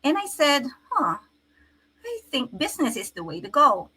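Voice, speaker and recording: A woman's voice: high-pitched, wildly swooping pitch, moderate pace, pushed and bright, rough recording. A middle-aged woman, a physical therapist, telling her story earnestly in an interview, with frequent restarts. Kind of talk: conversational interview.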